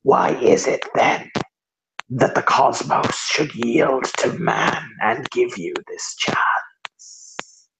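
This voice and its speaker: A man voicing a seated male death spirit with a rasping, grating voice, in a roleplaying game. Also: mid-range voice, drawn-out words, long pauses, noisy background. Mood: probing.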